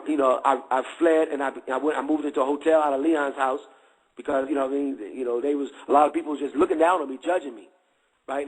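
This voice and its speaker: A man's voice: fairly high pitch, breathy edge, low-quality recording. A middle-aged man giving a candid testimony in street slang, checking again and again that listeners follow.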